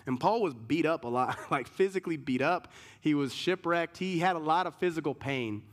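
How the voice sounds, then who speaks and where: Pastor guy preaching hard, kinda high voice, gets loud and high reading the bible verses. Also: moderate pace. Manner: emphatic preaching, rises sharply when reading scripture. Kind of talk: sermon.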